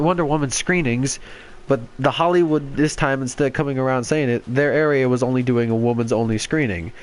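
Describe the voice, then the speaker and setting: A man's voice: medium pitch, clean tone. Rambling young man chatting over gameplay. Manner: rambling, laughs often, many fillers. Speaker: gaming channel host. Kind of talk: casual chat while playing a game.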